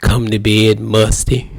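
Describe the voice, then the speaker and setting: A man's voice: fairly low pitch, gravelly, no echo. A man, a pastor, giving folksy marriage advice to husbands in a playful, conversational way and acting out little scenes. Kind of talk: casual marriage talk to men.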